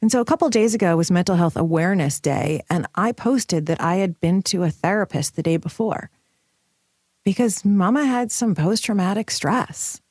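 A woman hosting a solo podcast, bubbly and emphatic as she rallies her listeners. Her pitch sits in an ordinary middle range. The sound is close and dry. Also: expressive, normal speed, a little mellow, husky, dry recording. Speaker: podcast host. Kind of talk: upbeat solo podcast talk.

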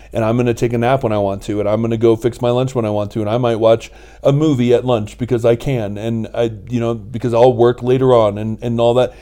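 A man's voice: medium pitch, dark tone. A man co-hosting a podcast in casual chat, rambling and candid with some mild swearing. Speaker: podcast co-host.

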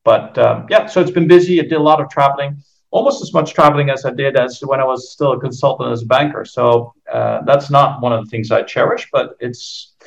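A man's voice: medium pitch, fairly quick, gravelly. A Dutch man in his fifties with an American-tinged accent, rambling through a podcast interview with many restarts and fillers. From Netherlands. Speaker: golf course architect. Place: home. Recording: muffled lo-fi audio.

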